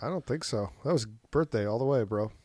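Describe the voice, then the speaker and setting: 30-something guy ranting on a podcast, jumpy lively pitch, dry close sound. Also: a little fast, dry recording. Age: 30s. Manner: animated, swearing, laughs often. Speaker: podcast co-host. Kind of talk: casual chat.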